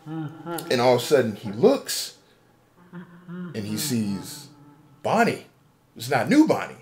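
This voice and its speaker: A man's voice: medium pitch, big pitch swings, slow, darkish tone. A man casually retelling a game theory as a story, acting out a panicked character's inner voice. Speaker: podcast co-host. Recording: amateur podcast recording.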